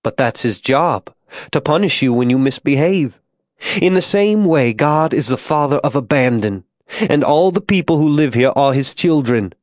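Tormented frontier zealot, soft-spoken and fervent, read by a male narrator; dry, close audiobook voice. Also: medium pitch, animated, moderate pace, no room sound, voice pushed up, natural voice. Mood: preaching. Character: grown man, tormented religious zealot, gentle to a child.

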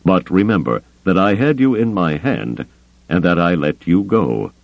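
Male narrator as cool alien admiral, measured and dry; low, expressive, slightly dull storybook audio. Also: no echo, exaggerated voice.

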